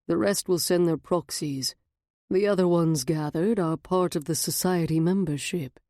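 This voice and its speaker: A woman voicing a reserved man who explains things quietly and matter-of-factly. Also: on the high side, normal speed, dry recording, clean studio sound, lightly acted. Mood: explaining.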